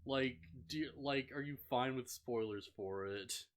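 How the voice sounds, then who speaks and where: A man's voice: medium pitch, unhurried. A young man co-hosting a casual podcast, rambling with lots of fillers and laughing often as he recaps an anime. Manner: rambling, laughs often, many "like" fillers, mock voices for characters. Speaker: podcast co-host.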